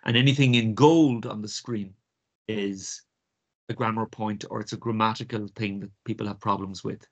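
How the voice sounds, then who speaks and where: A middle-aged man with an Irish accent, teaching an exam prep lesson and repeating phrases slowly for pronunciation. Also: lowish voice, steady tone. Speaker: French teacher.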